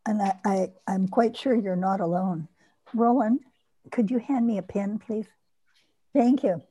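A woman facilitating a group sharing circle over a video call, talking in a gentle, affirming way. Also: medium pitch, a little slow, husky, poor audio. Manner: gentle, affirming, warmly encouraging.

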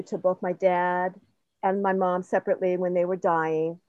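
A woman's voice: lowish voice, little pitch movement, normal speed, dark tone, dry recording. Older woman sharing earnestly, dull dry audio. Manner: rambling, earnest, self-laughing. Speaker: participant sharing in a group session. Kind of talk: personal sharing, casual talk.

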